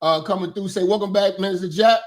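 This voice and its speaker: A man from hosting a casual commentary livestream, slangy and profane, swinging between loud shouting and low muttering and repeating phrases for emphasis. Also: fairly even intonation, fast talker. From Chicago. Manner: profane, slangy street talk. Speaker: commentary show host.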